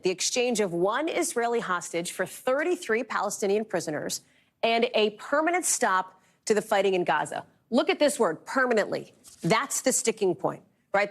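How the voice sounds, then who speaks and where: A woman in her thirties anchoring a live news show in a brisk, emphatic and conversational way, recorded on a studio microphone. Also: medium pitch.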